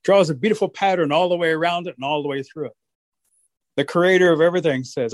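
Man telling a folktale, slightly high voice. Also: fairly quick, dry recording. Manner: rhythmic, repetitive, animated. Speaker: storyteller. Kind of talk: oral folktale storytelling.

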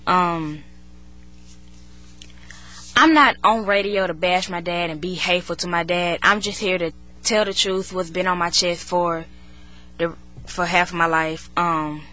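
A teenage girl sharing a personal story on the radio, earnest and halting. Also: fairly low pitch, fairly even intonation, bright, forceful tone.

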